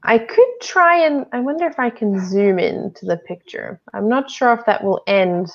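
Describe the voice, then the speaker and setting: A woman's voice: a little high, animated, moderate pace. Kiwi woman, live-lesson co-host, inquisitive and guiding; muffled lo-fi call audio. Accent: New Zealand. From New Zealand. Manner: curious, asks many questions, gently guiding. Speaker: English teacher co-hosting a livestream. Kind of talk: friendly live online lesson chat.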